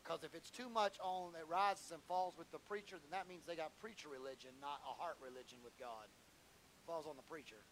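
A man preaching a sermon as pastor, in a conversational storytelling way that climbs louder and higher as he gets moved. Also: normal speed, a little hiss or hum, low-quality recording. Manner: conversational storytelling, rising in pitch and volume as he grows emotional.

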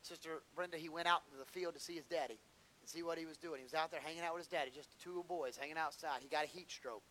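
Man, sermon, vivid storytelling, bright ringing tone. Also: on the high side, fairly even intonation, rapid-fire, a little hiss or hum. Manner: storytelling, builds to impassioned shouting. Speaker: pastor.

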